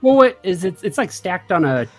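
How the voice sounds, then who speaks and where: A man guesting on a comic film-review podcast, answering with dry, sarcastic quips. His voice sits slightly high. Faint music runs underneath. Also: sing-song, normal speed.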